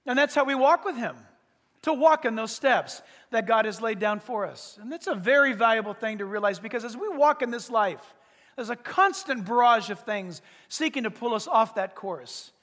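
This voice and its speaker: High-voiced preacher man in a hall. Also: animated, normal speed, pushed and bright. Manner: emphatic, repeats "listen" to press points. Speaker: pastor. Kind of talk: sermon. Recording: reverberant hall.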